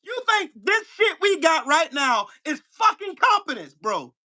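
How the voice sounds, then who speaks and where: A man hosting his own channel, delivering a heated, profane political rant at a commenter, firing rhetorical questions and bursting into shouts. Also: very high voice, very animated, a little slow. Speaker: channel host. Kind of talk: angry political rant to camera.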